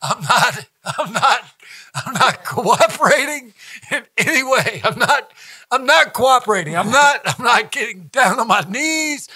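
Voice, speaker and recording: A man's voice: very high voice, expressive, measured pace, pushed and bright, slightly rough, dry recording. A man who is a stand-up comedian talking as a podcast guest, blunt and profane, repeating himself for emphasis and laughing mid-sentence. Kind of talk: casual podcast conversation.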